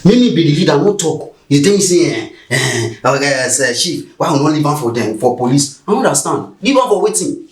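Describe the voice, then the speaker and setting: A man's voice: on the high side, sing-song, a little fast, hardly any pauses, reverberant. A Nigerian man playing a corrupt, cynical police officer, scornfully lecturing a junior in Pidgin. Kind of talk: film acting.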